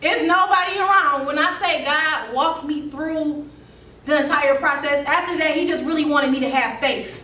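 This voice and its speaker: A woman telling her life story to a seminar audience, animated and laughing through it. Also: high voice, moderate pace, a little hiss or hum. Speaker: seminar speaker. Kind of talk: storytelling talk to a youth audience. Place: seminar room. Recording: echoey room, mic from a distance.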